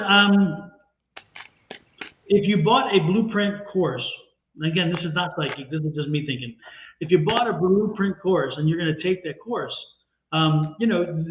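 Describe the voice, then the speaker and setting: A man's voice: sits high, lively intonation, moderate pace, slight background noise. A man co-hosting a tarot livestream, giving a reading in a chatty, repetitive way and laughing easily. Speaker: tarot reader and co-host. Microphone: livestream call audio. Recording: echoey, tinny phone-like stream audio.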